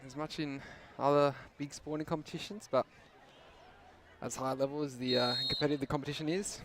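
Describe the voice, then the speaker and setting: A man commentating live sport in a relaxed, chatty way, still out of breath. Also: on the high side, a little fast, background noise.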